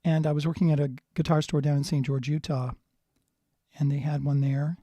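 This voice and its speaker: Brisk and fairly high in pitch, a guitar teacher keeps up a relaxed running commentary while tuning and playing in a live lesson. No echo on the recording, just guitar in the background.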